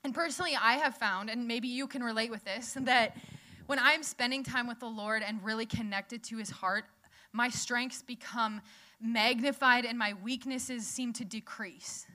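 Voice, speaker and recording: Bright and forceful, her voice sits on the high side and moves at a moderate pace. The young woman delivers a casual, chatty sermon at a church gathering, frequently laughing and putting questions to the audience.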